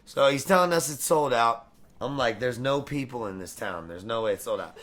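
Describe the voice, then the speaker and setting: A man's voice: mid-range voice, fairly quick, fairly bright tone. A man guest in a casual interview, hyped and profane, full of slang and swearing. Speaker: musician guest.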